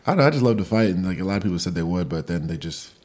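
A man's voice: low-pitched, lively intonation, racing, darkish tone. A man who fights professionally, chatting casually and eagerly in an interview, with many fillers.

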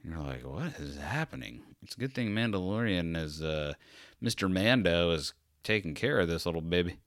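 A man's voice: sits low, brisk, dry recording, studio quality. A man hosting a solo podcast who talks in a casual, rambling, self-deprecating monologue. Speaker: podcast host.

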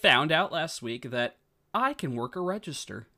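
A man co-hosting a podcast in casual, excitable chat. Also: fairly high pitch, moderate pace, a crowd in the background. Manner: chatty, excitable, restarts often. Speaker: podcast co-host.

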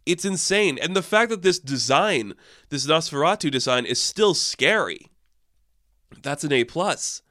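A young man giving a casual, animated film review on his own channel, swearing now and then and acting out quick quoted asides. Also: a little high, dry recording, studio quality.

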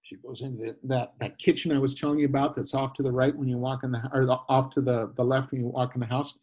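A man, a former missionary, telling a personal story in a guest interview, animated and full of restarts and quoted voices. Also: medium pitch, fast, husky. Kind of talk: conversational storytelling.

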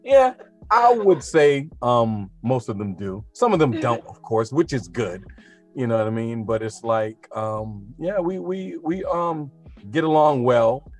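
A man's voice: mid-range voice, expressive, a little slow, a little mellow, faint music behind. A man who teaches art, talking casually and animatedly, often asking rhetorical questions. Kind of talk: casual podcast conversation.

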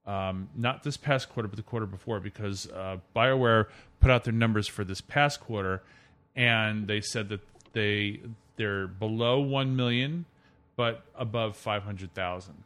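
A man's voice: on the low side, a little slow, a bit bright. A man hosting a casual gaming podcast, chatty and opinionated, steering the conversation through the news. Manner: chatty, opinionated, leads the topics. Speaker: podcast host.

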